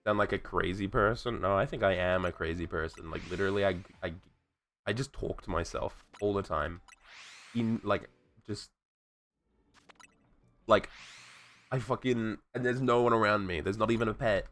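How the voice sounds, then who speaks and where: A man's voice: lowish voice, moderate pace, long pauses, fairly bright tone, a little hiss or hum. A man streaming a game while sick, with a sore throat, chatting in a rambling, profane way. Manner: rambling, profane, self-talking. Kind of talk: casual gameplay chat. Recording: faint music behind.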